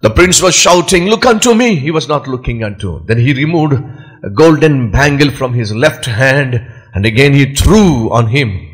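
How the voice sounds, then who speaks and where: Husky, lively-pitched male preacher. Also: moderate pace. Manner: emphatic, repeats key phrases. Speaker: pastor. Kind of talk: sermon.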